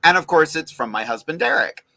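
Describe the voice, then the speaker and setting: A man's voice: on the high side, big pitch swings, a little fast, vocal fry, sharp tone, dry recording. A man hosting a podcast in casual chat, joking with mock indignation and steering to the next question. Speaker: podcast host.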